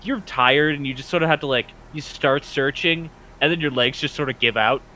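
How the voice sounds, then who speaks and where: A man's voice: medium pitch, fairly quick, pushed and bright, a little hiss or hum, poor audio. A man narrating as game master of a tabletop game in an easygoing, descriptive way.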